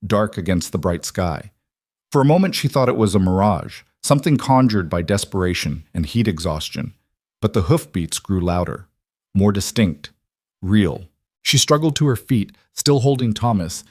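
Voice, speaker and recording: A man narrating a western story in a measured, dramatic storytelling manner. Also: on the low side, a little mellow, no room sound, studio quality. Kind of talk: scripted narration.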